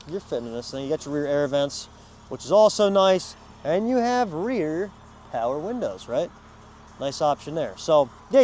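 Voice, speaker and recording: A man showing off vehicles on a dealership lot outdoors, talking to viewers in a casual, energetic walkaround. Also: on the high side, slight background noise. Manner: energetic, chatty, addresses viewers as guys. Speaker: car salesman at a dealership.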